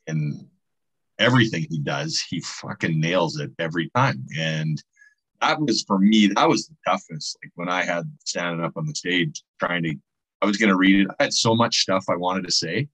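A man talking casually on a podcast, halting and emotional, with some swearing. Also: low-pitched, fairly bright tone, husky, rough recording.

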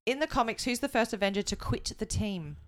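A woman's voice: fairly high pitch, lively intonation, brisk. A woman co-hosting a podcast, chatting casually and giggling often as she runs a quiz. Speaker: podcast co-host.

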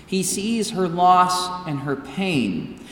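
A man preaches a sermon with measured, emphatic pacing, leaning into pauses. His voice sits a little high. The recording is roomy and distant, with long church reverb. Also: lively intonation. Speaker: pastor. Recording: echoey church hall from far off.

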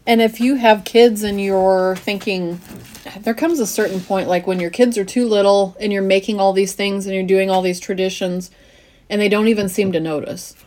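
A woman's voice: medium pitch, fairly even intonation, moderate pace, darkish tone. A woman co-hosting a casual podcast, telling a kitchen story in a matter-of-fact way. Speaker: podcast co-host. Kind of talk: casual chat.

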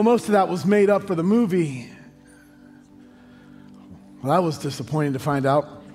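A man's voice: high-pitched, a little mellow. An American man preaching a sermon as pastor, telling stories with joking asides and building to sung emphasis. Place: large church hall. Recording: long hall reverb, faint music.

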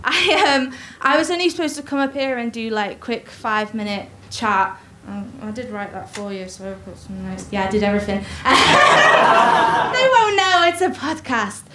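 A woman's voice: fairly high pitch, animated, moderate pace. A woman doing a sarcastic satirical stand-up bit before a live audience. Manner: sarcastic, mock-conservative persona. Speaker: stand-up comedian. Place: live comedy venue with laughing crowd. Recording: echoey room, loud crowd noise.

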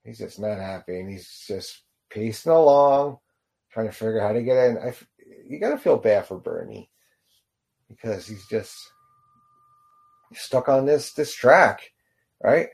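A man giving casual reaction commentary on a short film, rambling and halting with lots of fillers. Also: fairly low pitch, lively intonation, gravelly, a little mellow. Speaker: video reactor.

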